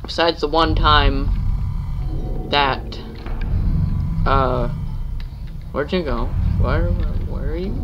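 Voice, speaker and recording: A man's voice: fairly high pitch, takes it slowly, long pauses, heavy background noise. A man giving jumpy, nervous commentary while playing a horror game, yelping at scares and chattering to himself. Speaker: let's play gamer.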